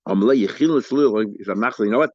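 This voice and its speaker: A man teaching a daily Talmud lesson, mixing English with Hebrew and Aramaic study terms and acting out the litigants' lines in quick bursts. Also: lowish voice, a little mellow, dry recording. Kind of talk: daf yomi Talmud lecture. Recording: dull, lo-fi dry recording.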